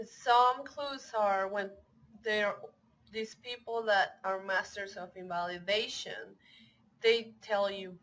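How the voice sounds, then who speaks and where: A woman's voice: medium pitch, slow, fairly bright tone, rough recording. Earnest woman teaching about emotional health. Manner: earnest, lists many example phrases in a row. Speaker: online wellness teacher. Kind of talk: talking-head educational talk.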